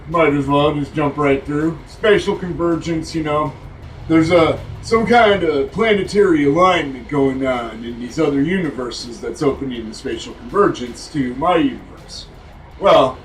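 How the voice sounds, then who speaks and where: A man's voice: mid-range voice, far from the mic, slight background noise, rough recording. A man telling a rambling, profane story, full of fillers and restarts.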